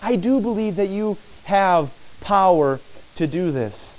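A man's voice: high voice, expressive, takes it slowly, a little mellow, low-quality recording. A man preaching a sermon as pastor, earnest and repetitive, often addressing the listeners as friends.

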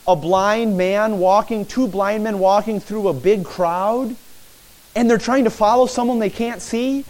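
A man preaching a sermon as pastor, animated, acting out the shouted pleas of the people in the story. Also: high-pitched.

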